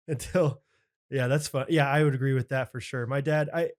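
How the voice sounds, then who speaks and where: A young man co-hosts a casual podcast chat in a middle-pitched voice. He talks earnestly and circles around his points, with many filler words and restarts. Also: fairly even intonation, normal speed. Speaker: podcast co-host.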